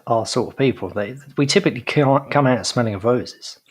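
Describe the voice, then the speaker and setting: A man's voice: mid-range voice, brisk, husky. A man co-hosting a live political talk show, dropping wry, joking asides. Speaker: co-host.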